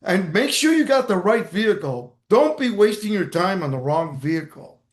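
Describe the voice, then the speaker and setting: A man giving an energetic motivational talk on a video call, stressing and repeating his key points. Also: high-pitched, normal speed, echoey room. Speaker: motivational speaker and mentor.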